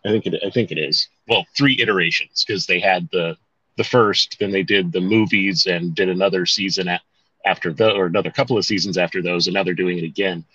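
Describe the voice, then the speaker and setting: A man's voice: low-pitched, a little fast, sharp tone, breathy edge, dry recording. A man co-hosting a podcast in casual chat, rambling and correcting himself as he goes, with some mild swearing. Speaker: podcast co-host. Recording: dull, dry home-mic sound.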